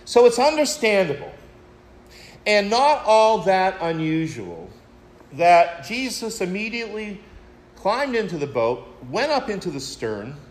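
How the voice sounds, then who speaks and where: A man's voice: high-pitched, very animated, a little slow. A man preaching a sermon, retelling a story in a reflective way and addressing his listeners as friends. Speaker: pastor.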